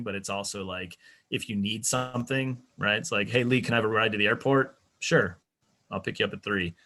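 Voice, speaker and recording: A man's voice: lowish voice, pushed and bright. A man presenting a teaching webinar over a video call. He keeps it casual and interactive, often asking "right?" and acting out little everyday dialogues. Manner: conversational, many "right?" and "you know" tags; acts out everyday dialogue in quotes. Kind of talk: casual interactive workshop talk.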